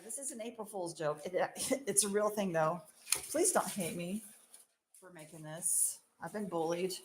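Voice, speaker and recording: A young adult woman who owns a marshmallow shop, hosting a casual live stream while she works, excitable and self-mocking with frequent exclamations and laughs. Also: lowish voice, noisy background.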